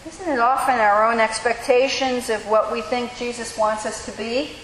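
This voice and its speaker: Lady pastor giving a sermon, kinda high voice, slow thoughtful pauses, roomy hall echo with a bit of hiss. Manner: measured, reflective preaching with slow emphatic pauses. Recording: echoey hall with faint hiss.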